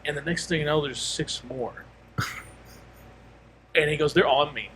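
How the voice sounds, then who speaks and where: A man's voice: fairly high pitch, measured pace, fairly bright tone. A man co-hosting a podcast, telling a long story in casual chat and rambling through quoted asides and restarts. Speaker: podcast co-host.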